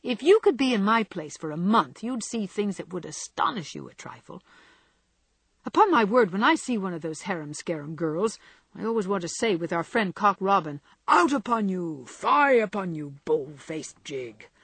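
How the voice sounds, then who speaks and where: A woman voicing a playful young gentleman in a storybook reading, bantering with mock indignation. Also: mid-range voice, very animated, moderate pace, slightly rough, dry recording, full character voice. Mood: teasing. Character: young gentleman, teasing and gallant.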